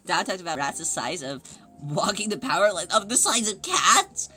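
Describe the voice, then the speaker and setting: A woman livestreamer chatting casually with her viewers, excitable and gushing as she greets people in chat. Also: lowish voice, moderate pace, over music.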